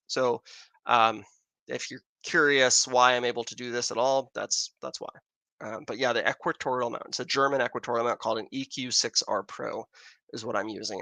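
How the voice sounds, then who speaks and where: An American man hosts a laid-back astronomy livestream outdoors in Arizona beside his telescope, rambling through viewer questions. His mid-range voice is creaky with a sharp edge, and the recording is dry.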